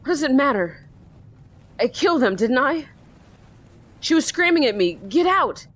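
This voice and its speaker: A woman's voice: sits high, very animated, a little slow, a bit bright, pitched above the performer's own voice, exaggerated voice. A woman voicing a distraught sixteen-year-old boy from a video game, pleading and broken-up as she reads his lines. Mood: hopeless. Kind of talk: reading game dialogue aloud.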